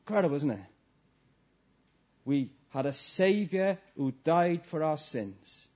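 Male preacher, sermon, earnest short phrases, mellow tone, dull lo-fi recording. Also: fairly high pitch, animated, slow pace, pauses often. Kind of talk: evening sermon with a read-aloud story and prayer. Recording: dull lo-fi sound.

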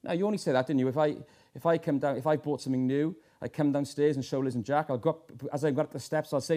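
Preacher guy, higher voice, earnest sermon, keeps asking the room questions. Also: steady tone, fast, warm tone. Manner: earnest, with many uh fillers and rhetorical questions.

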